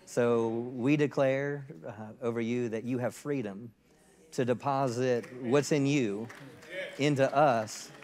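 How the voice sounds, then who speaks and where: Man in his 50s, host pastor, halting introduction, long church reverb. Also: medium pitch, steady tone, a little mellow. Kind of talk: introducing a guest speaker. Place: church sanctuary.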